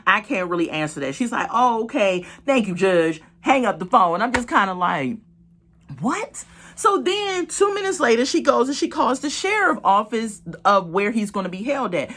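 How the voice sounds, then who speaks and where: A woman's voice: medium pitch, normal speed, few pauses. A woman casually recapping a reality show episode, talking straight to her viewers and acting out what people said. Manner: animated storytelling, acts out quotes; chatty, laughs, talks to viewers as "y'all" and "girl".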